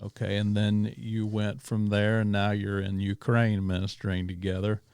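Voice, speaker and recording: A man's voice: lowish voice, completely flat delivery, moderate pace, a little mellow, clean tone, no echo, studio quality. A man hosting a casual interview podcast, asking rambling questions and checking the timeline. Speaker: podcast host.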